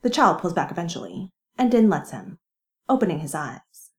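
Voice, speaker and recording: A woman reading a fan story aloud with lively, wry storytelling. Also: fairly low pitch, moderate pace. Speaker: reader. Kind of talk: fan fiction narration.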